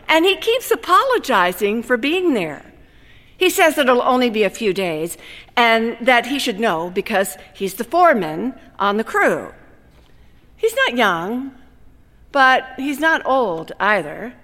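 Wry woman reading her story aloud. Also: on the high side. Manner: wry, deadpan second-person storytelling. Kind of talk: reading a personal essay aloud. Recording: long hall reverb.

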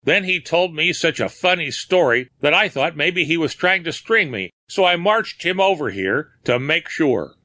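A man's voice: a little high, lively intonation, moderate pace, few pauses, sharp tone, no room sound, voice pushed up. Man playing a cocky young patrolman. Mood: brash. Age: young adult. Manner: brash, sneering slang.

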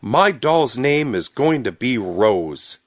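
A man voicing a small, sulky little boy who talks in lisping baby talk and often shouts. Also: medium pitch, sing-song, slow pace, dry recording, clean studio sound, full character voice. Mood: childish. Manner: baby-talk lisp, loud.

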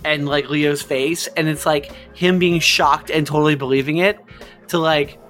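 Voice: medium pitch, steady tone, moderate pace, fairly bright tone, soft background music. A game master narrating a tabletop scene in casual, filler-heavy talk.

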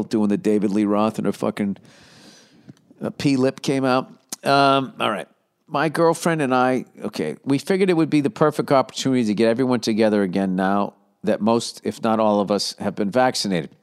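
A man's voice: fairly low pitch, normal speed, smooth. Blunt, profane man ranting advice. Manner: blunt, profane, rambling, mock-exasperated. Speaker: podcast host reading listener letters. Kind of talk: casual profane advice rant.

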